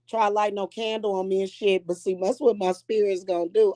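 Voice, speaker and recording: A woman's voice: medium pitch, fairly even intonation, fairly quick, few pauses, dark tone. A woman, a witch and spiritual teacher, ranting casually and bluntly with plenty of cursing and laughter. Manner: profane, laughing often, blunt. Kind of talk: casual vlog rant.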